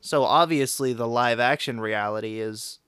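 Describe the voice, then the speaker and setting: A man's voice: mid-range voice, moderate pace, fairly bright tone, clear, resonant tone, no echo, studio quality. A young man co-hosting a casual podcast, joking around and telling stories with casual swearing. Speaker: podcast co-host. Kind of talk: casual chat.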